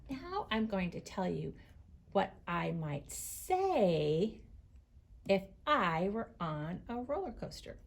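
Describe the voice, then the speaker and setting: A woman teacher giving a writing lesson to young children, slowly stretching out the sounds of words as she writes. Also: medium pitch, sing-song, gravelly.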